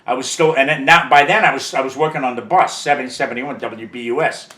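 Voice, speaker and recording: Older man telling rambling stories, bright voice. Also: medium pitch, fairly even intonation, fast talker, echoey room. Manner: rambling, profane, full of "you know" asides. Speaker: interview guest, record industry veteran. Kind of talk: casual storytelling.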